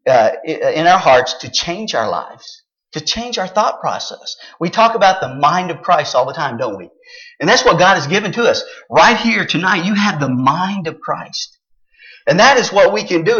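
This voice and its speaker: Bright-voiced pastor preaching, lo-fi sound. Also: male voice, fairly high pitch. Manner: explains scripture verse by verse, with frequent "uh" fillers; reads the old-style verses aloud, then restates them in plain talk. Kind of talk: sermon.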